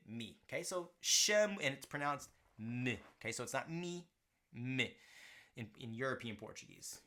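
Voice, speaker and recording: A man's voice: mid-range voice, fairly bright tone. A man teaching a language lesson, explaining grammar and often checking in with "right?" and "okay". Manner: slows down to model pronunciation.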